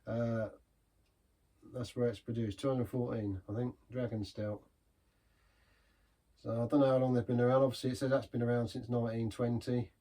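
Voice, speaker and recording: A man's voice: medium pitch, little pitch movement, moderate pace, long pauses, dark tone. A man giving a casual, rambling beer review in a pub, chatty and self-deprecating.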